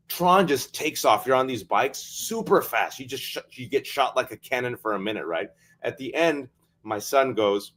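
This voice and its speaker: A middle-aged man co-hosting a casual political talk show, telling a family story with lively energy and acting out voices. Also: medium pitch, normal speed. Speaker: co-host. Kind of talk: casual chat.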